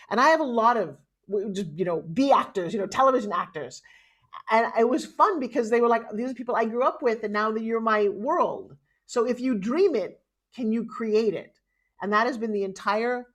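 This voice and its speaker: A middle-aged woman with a New York accent, a motivational speaker telling her life story as a podcast guest. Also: medium pitch. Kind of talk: interview storytelling.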